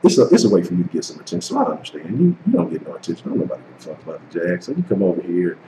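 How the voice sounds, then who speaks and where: A man's voice: low voice, sing-song, racing. A man hosting a sports live stream, taunting rival fans in a profane, repetitive rant. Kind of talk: heated casual rant at trolls. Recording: echoey room with faint noise.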